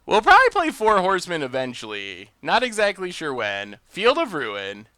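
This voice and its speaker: A man hosting a live game stream, thinking out loud about his plays and bursting into loud cheers when things go his way. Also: sits high, wildly swooping pitch, moderate pace, clear, resonant tone, no room sound. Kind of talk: live gameplay commentary.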